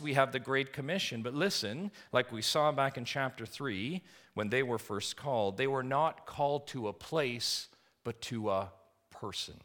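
A man preaching a sermon in an earnest way, asking the congregation questions and swinging from emphatic peaks to soft, quiet lines. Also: medium pitch, expressive, moderate pace. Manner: asks the congregation rhetorical questions. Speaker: pastor.

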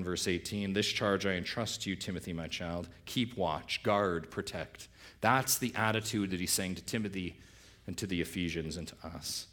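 A man's voice: fairly low pitch, a bit bright. A middle-aged male pastor preaching a sermon, asking rhetorical questions and swinging his voice up for emphasis.

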